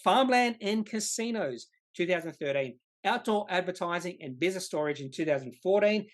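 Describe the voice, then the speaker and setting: Investing explainer host, emphatic, repeats key words, self-corrects, mid-pitched voice. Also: animated, a little fast. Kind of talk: slide-based explainer lesson.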